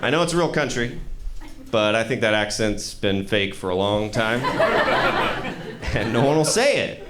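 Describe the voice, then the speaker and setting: A young adult stand-up comedian from Royston, Georgia, in the US South, with a lowish voice, performs a stand-up set on a comedy club stage before a laughing audience. He tells stories animatedly, slipping into quick bursts of put-on voices. The recording is a noisy live club filled with audience laughter.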